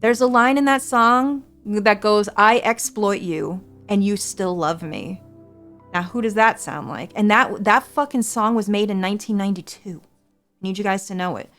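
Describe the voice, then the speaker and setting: A woman's voice: fairly high pitch, fairly bright tone. Streamer, woman in her 40s, earnest reassuring chat, salty language. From United States. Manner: earnest, reassuring, swears freely. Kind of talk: casual chat to stream viewers.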